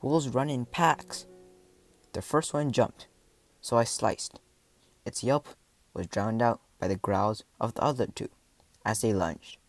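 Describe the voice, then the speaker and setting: A man reading a first-person adventure story aloud, with dramatic delivery and voiced shouts and animal sounds. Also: fairly low pitch, lively intonation, measured pace, long pauses, soft background music. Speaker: audiobook narrator.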